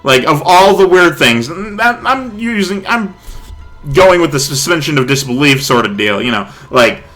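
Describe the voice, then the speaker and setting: A young man hosting a let's play, reading a visual novel aloud with animated, swearing, laughing asides. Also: on the high side, normal speed, faint music behind.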